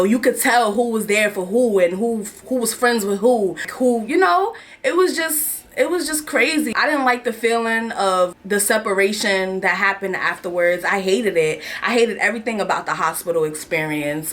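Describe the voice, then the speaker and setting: A young New York woman in her twenties vlogs a personal story to camera, her medium-pitched voice a bit bright. The chat is casual and confessional, candid, slangy and emotional.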